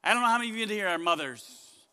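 A man preaching a sermon as pastor, speaking in an animated way and questioning his congregation. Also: high voice, rapid-fire, clean tone, big-room sound.

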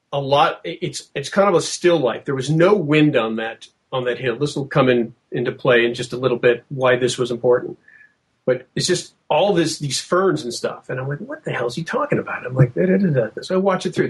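A man recounting a tense field investigation in casual storytelling, lively and quoting himself, with frequent restarts. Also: medium pitch, moderate pace. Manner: animated, acts out quotes, many restarts.

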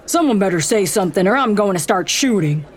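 A woman's voice: mid-range voice, expressive, fairly quick, a faint crowd, slight background noise, voice pushed up, lightly acted. A woman playing a drunk, blustering gunslinger. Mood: angry. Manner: blustering, then stammering. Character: drunk, bullying, fat male gunslinger.

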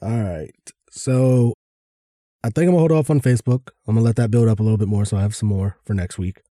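A man co-hosting a podcast in casual chat, laid-back and given to rambling asides while reading shout-outs. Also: fairly low pitch, quick pace, no room sound, studio quality. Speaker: podcast co-host.

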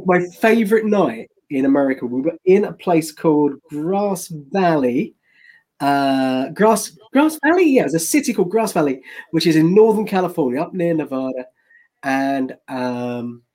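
A man's voice: fairly high pitch, a little mellow. An English man co-hosting a casual chat, telling rambling anecdotes with frequent restarts and laughs.

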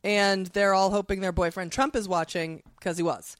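A woman's voice: medium pitch, fairly even intonation, normal speed, dry recording. Rambling woman co-host, dry sound. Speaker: podcast co-host. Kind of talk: casual comedic chat.

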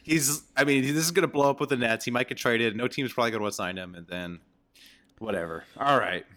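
A man hosting a podcast, teasing his guest loudly and swearing freely. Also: mid-range voice, fast. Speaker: podcast host. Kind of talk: casual chat.

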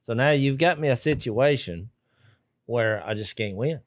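A man's voice: medium pitch, moderate pace, dry recording. A man co-hosting a faith podcast who talks casually, joking wryly and asking rhetorical questions. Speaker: podcast co-host.

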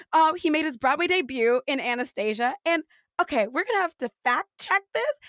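A woman's voice: high voice, fairly bright tone, no room sound, studio quality. A woman hosting a podcast interview, bubbly and teasing, chatting casually and laughing easily. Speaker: podcast host.

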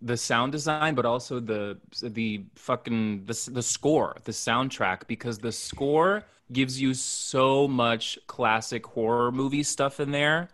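A man's voice: medium pitch, takes it slowly, few pauses, a bit bright. A man co-hosting a podcast, casually retelling a horror film in loose, profane bursts. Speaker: podcast co-host.

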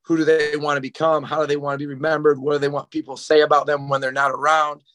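A male strength and conditioning coach speaks on a group coaching call, laying out his ideas in a direct, motivational way. His voice is a little high, and the sound is dry and close, with no room around it. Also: level tone, fast, a bit bright, no echo. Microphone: video call.

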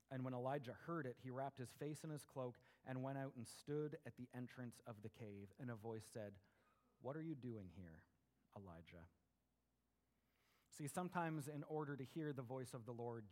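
A young adult man preaching a conversational sermon and reading scripture, animated, with big swings between loud and quiet. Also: on the high side. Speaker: pastor.

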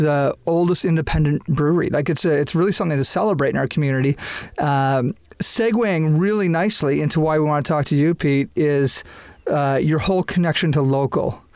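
Enthusiastic Canadian podcast host. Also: male voice, a little high, fairly quick, darkish tone, no room sound. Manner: enthusiastic, rambling. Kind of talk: casual podcast chat.

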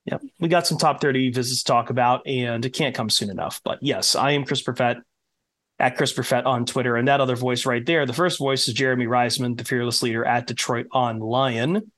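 A man hosting a podcast with a low husky voice from a sore throat, talking in a wry, joking, rambling way. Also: steady tone, a little fast, a bit bright. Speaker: podcast host. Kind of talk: casual podcast chat.

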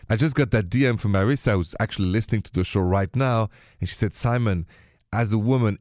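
A man with a French accent hosts a radio advice show on love, his voice sitting fairly low. He speaks in an earnest, gently persuasive way. The studio sound is close and dry. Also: no echo. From France. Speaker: radio relationship advice host. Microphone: studio microphone.

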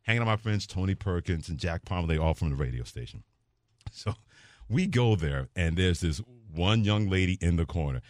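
A male radio talk show host telling a story with lively flair, acting out the voices he quotes. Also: sits low, fairly quick, dry recording, clean studio sound. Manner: animated storyteller who acts out quoted voices.

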